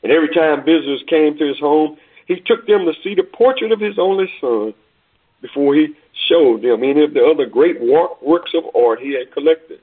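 A man preaching, telling a story in a deliberate, dramatic sermon style. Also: on the high side, lively intonation, slightly rough. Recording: tinny phone-like recording.

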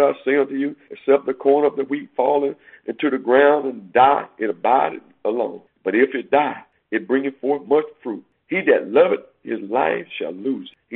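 A man's voice: medium pitch, creaky, breathy edge. A man preaching a sermon, quoting scripture and climbing in emphatic bursts. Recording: tinny phone-like sound.

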